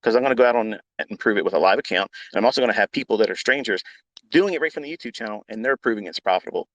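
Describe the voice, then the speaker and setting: A man's voice: lowish voice, animated, rapid-fire, no echo, highs cut off. Blunt, profane middle-aged man ranting. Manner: blunt, profane, repetitive, swings into loud outbursts. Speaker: trading educator hosting a live audio chat. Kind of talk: unscripted profane rant.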